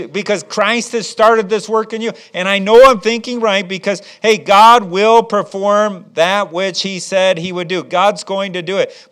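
A man's voice: high voice, fairly bright tone. A man preaching a sermon as pastor, with frequent restarts, rhetorical questions and rising emphasis.

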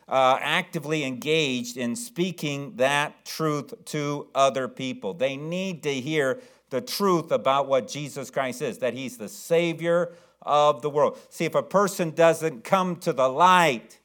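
A man preaching a sermon as pastor, slowing down to read verses aloud and calling on the congregation to answer. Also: a little high, fairly bright tone. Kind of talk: sermon with scripture reading.

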